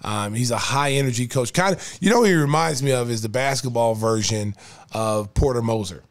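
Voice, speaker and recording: A man hosting a podcast, chatting casually, excitable and repetitive as he tells stories. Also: mid-range voice, brisk. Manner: excitable, storytelling, repeats himself. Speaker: podcast host. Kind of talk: casual chat.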